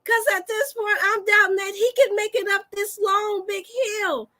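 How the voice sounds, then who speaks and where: A woman, a wellness host telling an animated, folksy story to her listeners and laughing often. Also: very high-pitched, normal speed. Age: 40s. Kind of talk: storytelling to a live audience.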